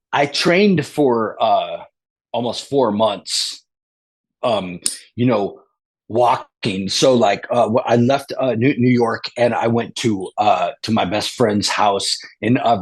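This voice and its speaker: A man's voice: mid-range voice, husky. A man as a guest, telling a rambling story with lots of restarts and casual slang like "dude" and "bro".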